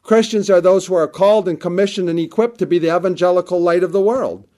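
A man's voice: high-pitched, fast, dark tone. A man preaching a sermon with an emphatic, repetitive cadence, quoting scripture at length.

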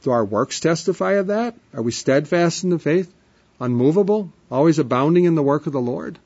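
A man preaching an emphatic sermon, repeating refrains, with his voice swelling up and dropping to a hush. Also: a little high, animated, brisk. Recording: dull lo-fi sermon recording.

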